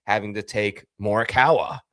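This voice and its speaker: A man's voice: lowish voice, normal speed, pushed and bright, dry recording, clean studio sound. A man co-hosting a casual golf betting podcast, explaining his views with confident, opinionated certainty. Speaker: podcast co-host. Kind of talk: casual sports betting chat.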